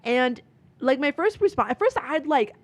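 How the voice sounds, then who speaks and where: A woman's voice: sits high, expressive, moderate pace. A woman in her twenties, a podcast guest telling her story in casual, earnest conversation full of "like" and "um". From Michigan, USA. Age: 20s. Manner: earnest, many "like" and "um" fillers.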